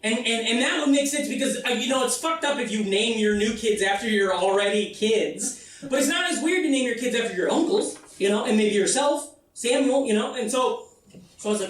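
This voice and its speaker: A man's voice: very high voice, animated, a little fast. A male comedian rambles through an incredulous, profane story in a solo stage show. His voice rings through a very echoey room and is picked up from some distance, with faint noise around it. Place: festival theater stage.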